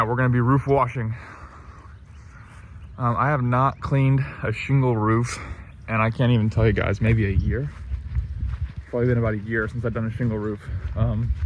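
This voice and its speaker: Guy rambling thru a work vlog outside, lots of ums, mid voice, bit of background hiss. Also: medium pitch. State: a bit out of breath. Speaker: pressure washing business owner. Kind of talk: casual vlog narration. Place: outdoors at a rural job site.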